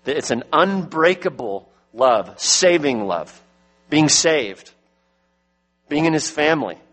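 A man's voice: fairly high pitch, lively intonation, slow pace, fairly bright tone. A man preaching a sermon as pastor, emphatic, his voice rising when he presses a point home.

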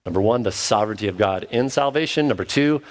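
A man's voice: lowish voice, expressive, fast. A man, a pastor, preaching an earnest sermon and now and then acting out the voices of the people he quotes.

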